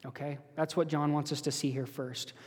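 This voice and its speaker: In an echoey church hall, a pastor preaches an earnest, conversational sermon and asks his listeners direct questions. His slightly rough voice sits on the high side, stays fairly level in pitch, and moves at normal speed.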